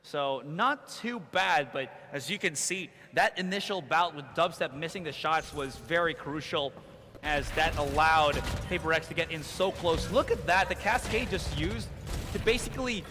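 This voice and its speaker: A man casting a competitive video game match, giving lively play-by-play and analysis with jokes. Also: a little high, normal speed. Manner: excitable, jokey analysis. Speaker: esports caster. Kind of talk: play-by-play commentary. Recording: hall reverb with faint noise.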